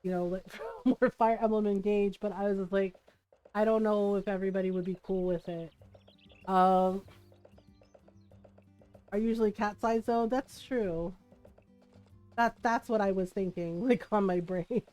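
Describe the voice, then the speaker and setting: A woman's voice: mid-range voice, fairly even intonation, measured pace, long pauses, dark tone, soft background music. A woman streaming a video game, chatting casually and rambling with frequent giggles. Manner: giggly, laughs often between rambling remarks. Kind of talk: casual chat while playing a video game.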